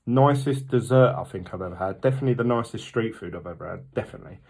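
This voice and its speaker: Man, thirties, low voice, candid vlog chatter, lots of ums. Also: fast talker, vocal fry, darkish tone. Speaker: vlogger. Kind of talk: casual diet vlog talk.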